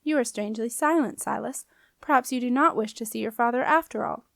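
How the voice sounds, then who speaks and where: A woman voicing a wise, calm old witch mother who talks slowly and cryptically in a storybook reading. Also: fairly high pitch, vocal fry, dry recording, studio quality. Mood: gentle. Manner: slow, solemn, cryptic speech.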